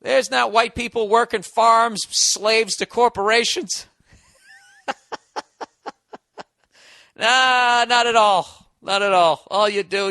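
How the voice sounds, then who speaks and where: A man with a high, sharp voice rants on his podcast, heavy with sarcasm and swearing. The sound is close and dry, with no room around it. He mocks and grumbles his way through a comic monologue. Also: fairly even intonation, measured pace, gravelly, dry recording. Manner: sarcastic, profane ranting. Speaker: podcast host.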